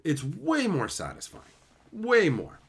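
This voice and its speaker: A man's voice: a little high, slow, creaky, husky. A man streaming casually, reading chat and ranting, with frequent swearing and voiced impressions. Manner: animated, swearing, mimics others.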